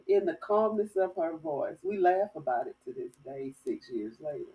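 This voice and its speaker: A woman from Florida telling a lively story as host of a dating advice talk, with folksy phrasing. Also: sits low, moderate pace, far from the mic, rough recording. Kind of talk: casual storytelling monologue.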